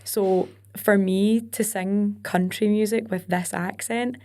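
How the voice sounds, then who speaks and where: Chatty Glaswegian woman, mid-pitched. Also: fairly even intonation, dark tone. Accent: Glaswegian Scottish. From Scotland. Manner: chatty storyteller, quick asides with local words like wee and aye. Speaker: country singer, podcast guest. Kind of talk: casual interview chat.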